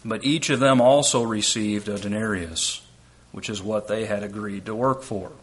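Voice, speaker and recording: A man's voice: lowish voice, fairly even intonation, normal speed. A man preaching an expository sermon. He reads scripture aloud and explains it step by step, asking rhetorical questions. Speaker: preacher and Bible teacher.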